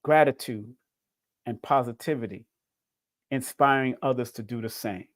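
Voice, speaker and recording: A man's voice: medium pitch, normal speed. A middle-aged man hosting a livestream, giving an emotional, preachy spiritual talk and calling his viewers family. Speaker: livestream host.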